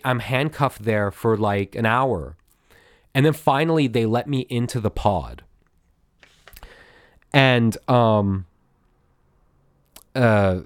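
Male podcast host, mid-pitch, dry close sound; rambling profane storyteller. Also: no room sound. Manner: profane, rambling, many fillers and restarts. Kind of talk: casual storytelling monologue.

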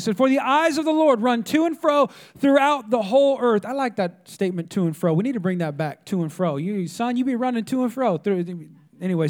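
A pastor preaching a sermon, emphatic and repetitive, calling out to the congregation. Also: male voice, very high voice.

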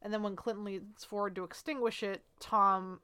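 A woman's voice: medium pitch, steady tone, moderate pace, pushed and bright, clean tone, no echo. A woman co-hosting a podcast who chimes in to fill in plot details during a casual film recap. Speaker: podcast co-host.

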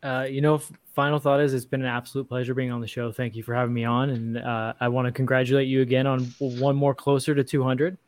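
A male guest with a mid-range voice gives measured closing remarks to viewers, pausing often to find his words. His voice sounds dry and close to the mic. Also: medium pitch, flat delivery, no room sound. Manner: measured, thoughtful, many "uh" pauses. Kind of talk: closing remarks to a live chat.

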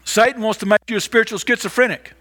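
A male pastor delivers a sermon in a high, bright, forceful voice. He talks emphatically, circling back on phrases and sometimes stumbling through restarts. The delivery sounds tense and forward. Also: fairly even intonation, quick pace. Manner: emphatic, repetitive, stammers on restarts.

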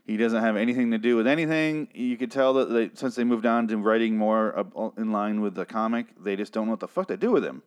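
A man's voice: on the low side, a little fast, few pauses, clear, resonant tone. A man ranting sarcastically and with lots of swearing while reviewing a TV episode in casual talk. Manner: profane, exasperated, sarcastic.

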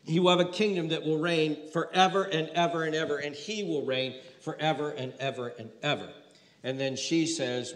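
A man preaching a sermon in a conversational, animated way and acting out scenes, in an echoey hall with long reverb. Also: on the high side, moderate pace. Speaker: pastor.

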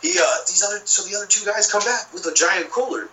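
Bright-voiced rambling storyteller, a man. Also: sits high, quick pace, recorded from a distance, slight background noise, poor audio. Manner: rambling, swearing, laughing storyteller. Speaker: podcast guest. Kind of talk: casual storytelling.

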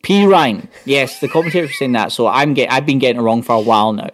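A man's voice: mid-range voice, rapid-fire, a little hiss or hum. A man talking casually on a sports podcast, his voice sitting in an ordinary middle range. He rambles through plays and numbers and often restarts his sentences as he goes. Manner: rambling, full of restarts and stats. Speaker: podcast panelist.

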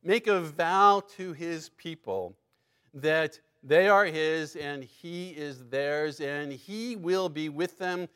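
Animated male preacher reading scripture aloud. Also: a little high, slow, clear, resonant tone. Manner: expressive reading of scripture with asides and laughs. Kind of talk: sermon.

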